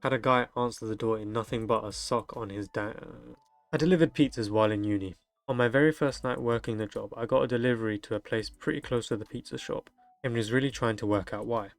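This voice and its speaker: A young man speaks fast in a mid-range voice on a dry recording. He's a streamer reading online delivery-driver stories aloud, punctuated by crude, jokey reactions.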